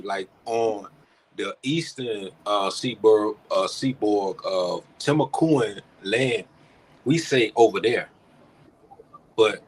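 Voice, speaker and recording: Male podcast host, husky, unhurried, emphatic, curses freely. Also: on the low side, poor audio. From South Georgia, United States. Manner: emphatic, explains at length, swears. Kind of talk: casual chat.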